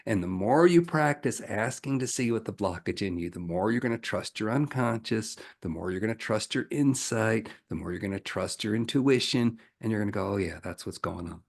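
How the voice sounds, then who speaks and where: A spiritual coach answering questions from viewers, he tells stories in an animated way and laughs often. His voice is low and gravelly, with a husky, rough grain. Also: normal speed, hardly any pauses. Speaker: ascension coach. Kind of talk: spiritual teaching Q&A.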